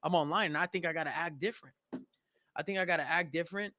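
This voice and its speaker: A young man from Honduras co-hosting a podcast, talking in a casual, animated way with lots of swearing and restarts. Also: a little high, fast talker, dry recording. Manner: animated, swearing, repeats himself. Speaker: podcast co-host. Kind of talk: casual chat.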